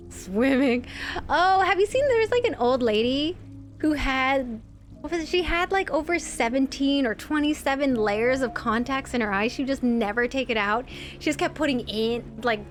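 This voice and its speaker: A young adult woman streamer talks in a high voice at normal speed, faint music behind her. Her let's-play commentary is casual and chatty, with frequent giggles and plenty of "like."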